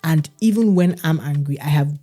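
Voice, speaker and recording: A woman chats on a podcast in a low, mellow voice. She tells her stories with animation and slips into other people's voices as she goes. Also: moderate pace, soft background music. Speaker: podcast co-host. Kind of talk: casual chat.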